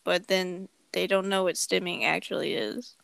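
A woman's voice: lowish voice, flat delivery, normal speed, creaky, a bit bright, no echo. Blunt, jokey young woman, dry mic. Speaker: podcast co-host. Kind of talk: casual chat.

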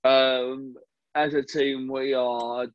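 A man hosts a solo podcast from his home late at night, talking frankly in a rambling, self-aware way. His voice sits at a middling pitch. The recording is dry and a bit dull, with no room sound. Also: little pitch movement, drawn-out words, dry recording. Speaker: podcast host. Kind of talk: casual solo podcast rant. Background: neighbour's car revving.

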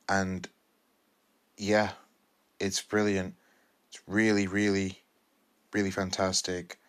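Young man, podcast host, deep voice, monotone delivery, rambling enthusiastic film review. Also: takes it slowly, pauses often. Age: 20s. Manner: enthusiastic, rambling with restarts and repetitions. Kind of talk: casual film review monologue.

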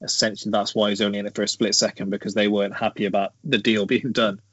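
A man reading out trivia in a casual podcast chat, with a measured delivery and hesitant fillers. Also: fairly low pitch, little pitch movement, a bit bright, husky, no room sound. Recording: dry, dull lo-fi sound.

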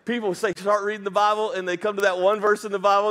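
Fast-talking high-voiced man preaching. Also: flat delivery, bright, forceful tone, in a large hall. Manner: fast, emphatic preaching with quick asides to the congregation. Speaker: pastor. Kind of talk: sermon.

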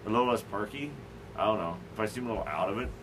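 A man's voice: on the low side, rapid-fire, noisy background. A man hosting a casual talk show, rambling with lots of stammered restarts and fillers. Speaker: podcast host. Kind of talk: casual chat.

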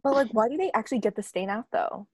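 Young woman podcast cohost, giggly and playful, very lively pitch, dry sound. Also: fast talker, husky, no room sound. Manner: giggly, playful, spells words out loud. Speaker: podcast co-host. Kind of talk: casual chat.

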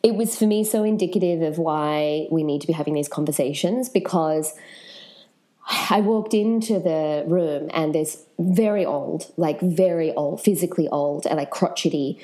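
A woman's voice: low-pitched, moderate pace. A woman guest telling her personal story frankly and with animation in an interview. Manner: frank, animated, swears casually.

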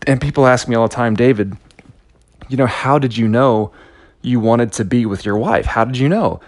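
A man's voice: medium pitch, normal speed, no room sound. A man in his thirties giving a motivational talk, telling a personal story in an earnest, anecdotal way with frequent restarts.

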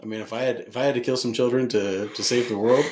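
A man co-hosting a casual podcast, retelling film scenes in a profane, animated way. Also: mid-range voice, fast talker, a little hiss or hum. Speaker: podcast co-host. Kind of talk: casual chat. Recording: roomy echo.

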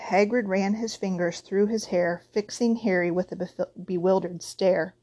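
A woman's voice: medium pitch, fairly even intonation, normal speed, few pauses, darkish tone. Woman reading a storybook aloud. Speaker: audiobook narrator.

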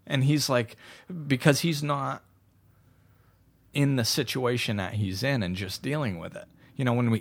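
His voice is medium in pitch, gravelly, with a breathy edge. The man hosts an easygoing, reflective conversation, spinning meandering stories that keep restarting after false starts.

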